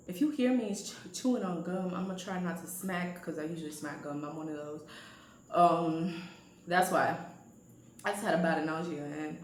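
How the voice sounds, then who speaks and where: A woman's voice: fairly low pitch, normal speed, a bit bright. Slangy young woman telling a story, roomy echo. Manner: slangy, chatty, talks straight to viewers. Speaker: storytime vlogger. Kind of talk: casual storytime chat.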